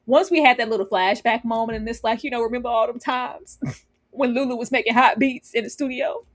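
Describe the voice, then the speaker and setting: A woman's voice: on the high side, brisk. A woman on a review panel talking casually and animatedly about a TV series, laughing often and acting out scenes.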